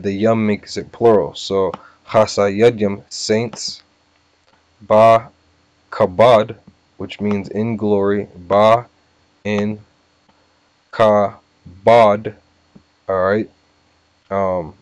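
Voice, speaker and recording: This deep-voiced, darkish-toned man teaches a casual scripture lesson, taking passages apart word by word and saying them slowly. "All right" and "you know" come up again and again; there's no echo.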